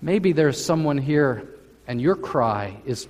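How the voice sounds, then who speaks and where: Pastor guy preaching slow and deliberate, kinda high voice, big echoey church. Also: expressive, darkish tone. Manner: slow, emphatic preaching with drawn-out phrases. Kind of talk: sermon. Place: church sanctuary. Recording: church hall with long reverb.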